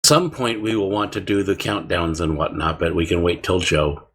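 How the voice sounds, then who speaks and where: Husky low-voiced joking man. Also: moderate pace, fairly bright tone. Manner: wisecracking, rambling. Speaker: podcast co-host. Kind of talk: casual pre-show chat.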